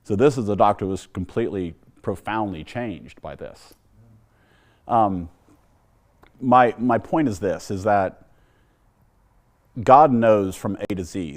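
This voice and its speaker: A man's voice: on the low side, animated, normal speed, long pauses. A man telling his personal faith testimony in an earnest storytelling way, exhorting listeners. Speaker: testimony speaker.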